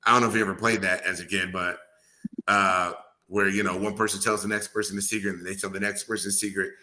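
A man's voice: sits low, flat delivery, quick pace, pushed and bright. A man hosting a casual podcast chat, laid-back and laughing easily, with casual swearing. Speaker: podcast host.

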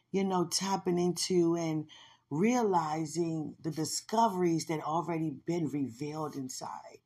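A woman's voice: lowish voice, a little mellow, breathy edge. A woman hosting a podcast, talking about her faith in a fervent, emotional way and laughing often. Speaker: podcast host. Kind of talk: devotional personal talk.

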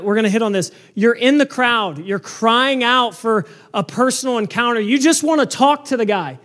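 A man with a strikingly high voice preaches a sermon into a microphone. He is loud and earnest and often stumbles and repeats words as he drives his point home. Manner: loud, earnest, repetitive restarts. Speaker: pastor.

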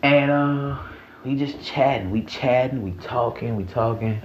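A young man from Mississippi with a Southern accent, telling a profane, animated story in a casual storytime vlog. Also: medium pitch, a little slow. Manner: profane, animated, laughing, repeats himself. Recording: echoey room, dull audio, faint hiss.

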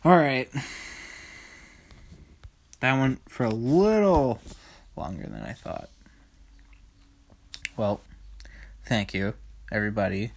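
A man's voice: medium pitch, sing-song, takes it slowly, gravelly, long pauses, slight background noise. Guy ranting on his podcast, swears constantly, rambly, laughs at his own jokes. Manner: crude, rambling, laughs often. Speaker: podcast host. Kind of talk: solo comedic podcast rant.

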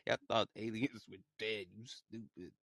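Excitable man rambling in a dry close-mic'd room. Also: unhurried, dry recording. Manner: rambling, excitable, swings between low mutters and loud outbursts. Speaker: podcaster. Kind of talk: casual solo monologue.

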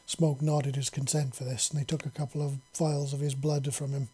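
A man's voice: mid-range voice, level tone, normal speed, warm tone, husky. A man reading a serialized story aloud in a casual, chatty way.

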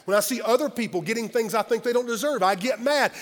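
A man preaching a sermon as pastor, emphatic and conversational, swinging from loud exclamations to quiet, earnest asides. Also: extremely high pitch, fast, big-room sound. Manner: conversational, confessional asides to the congregation.

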